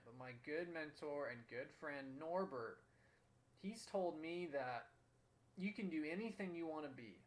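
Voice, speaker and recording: A young man hosting a motivational talk, telling a story in an earnest, emphatic way. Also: fairly high pitch. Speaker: host.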